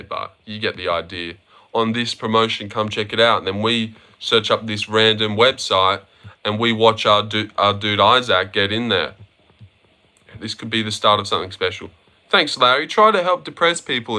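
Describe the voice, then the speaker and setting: A man's voice: mid-range voice, pushed and bright. A young man hosting a casual livestream, reading viewer comments, joking and swearing as he banters with his chat. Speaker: livestream host reacting to viewers.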